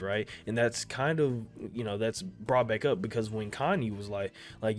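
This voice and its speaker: A young man giving casual commentary on an anime episode, rambling and profane, repeating himself and jumping suddenly loud and high when worked up. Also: moderate pace, hardly any pauses, soft background music. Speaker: anime reaction video creator.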